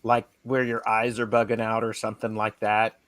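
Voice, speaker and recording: A man's voice: fairly low pitch, completely flat delivery, moderate pace, a crowd in the background. A man co-hosting a live tarot stream in casual chat, rambling and circling back as he talks. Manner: rambling and chatty, with many restarts and fillers.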